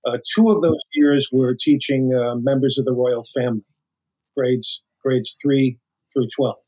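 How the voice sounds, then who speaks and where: Speaking unhurriedly in a mid-range voice with a breathy edge, a former FBI agent from the United States, now older, shares lively stories as an interview guest. He mimics the voices he quotes and keeps restarting, and the recording quality is low.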